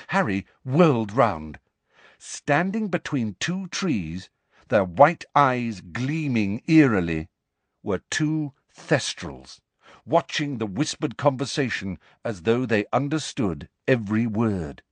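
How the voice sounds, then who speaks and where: A man narrating a novel as an audiobook, expressive storytelling into a close studio mic. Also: mid-range voice, slow, no echo.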